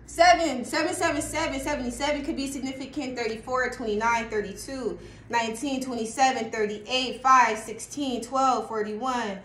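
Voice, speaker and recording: A woman reading tarot in a casual, excitable way, laughing often and breaking into bits of song. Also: a little high, normal speed, reverberant, slight background noise. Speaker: tarot reader.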